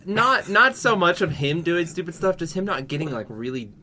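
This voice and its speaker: A man co-hosting a podcast, telling stories in a relaxed casual chat that often trails off low. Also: moderate pace, a little hiss or hum. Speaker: podcast co-host.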